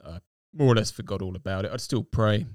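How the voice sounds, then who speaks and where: A man telling his personal faith story in a reflective, unhurried conversation, with frequent fillers. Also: on the low side, a little mellow, dry recording, studio quality. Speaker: interview guest.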